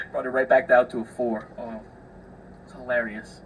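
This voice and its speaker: A man's voice: medium pitch, flat delivery, slow pace, recorded from a distance, slight background noise, rough recording. A young man hosting a podcast, telling stories in a loose, chatty way, swearing freely and acting out the people he describes. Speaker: podcast host. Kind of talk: casual solo storytelling.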